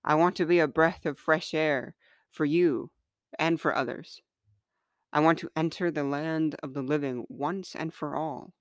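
Woman, author reading her own confessional letters; slow, smooth, close dry sound. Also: deep voice, fairly even intonation, no room sound.

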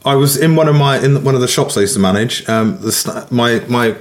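A man's voice: medium pitch, a little fast. A man co-hosting a podcast in playful, teasing casual banter. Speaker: podcast co-host.

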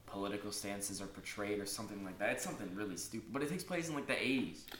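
A young man co-hosting a casual podcast, talking quickly with laughs and hedges. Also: on the low side, fairly bright tone. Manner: quick, laughing, hedging talk. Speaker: podcast co-host. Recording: echoey room, faint noise.

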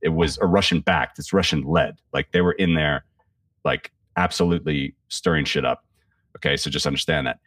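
A man's voice: a bass voice, normal speed, a bit bright, dry recording, clean studio sound, far from the mic. A man giving casual political commentary on a podcast, blunt and profane, rambling with frequent restarts.

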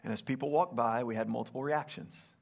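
A young adult man, a pastor, telling a story in a sermon in an animated way and acting out the quotes. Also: medium pitch, a little fast, creaky.

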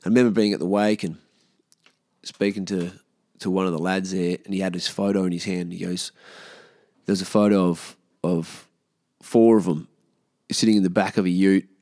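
With a low, darkish voice and clean studio sound free of echo, this thirty-something Australian podcast host casually recounts episodes from his past. He curses a lot and tends to let sentences trail away.

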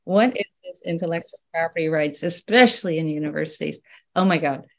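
An older woman talking as an interview guest, in a lively, casual way, laughing often and restarting her sentences. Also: deep voice, a little fast. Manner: animated, laughs often, many restarts and fillers. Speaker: guest, researcher.

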